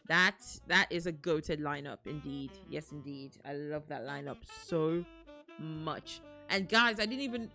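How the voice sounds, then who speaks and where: A young woman streaming from home, chatting casually with her viewers, excitable and rambling, often breaking into gasps and laughs. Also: low voice, measured pace, soft background music. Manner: rambling, restarts sentences. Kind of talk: casual live-stream chat.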